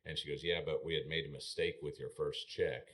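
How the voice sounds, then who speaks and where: A man's voice: very deep voice, fairly quick, slight background noise. A middle-aged man, a former rodeo bullfighter, telling stories in a podcast studio and acting out the exchanges he quotes. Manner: animated storyteller, acts out quoted exchanges. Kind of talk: casual storytelling.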